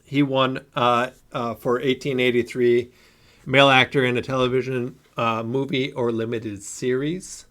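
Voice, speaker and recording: A man's voice: medium pitch, level tone, unhurried, a bit bright. A man co-hosting a podcast in casual chat, hesitant and full of filler sounds. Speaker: podcast co-host.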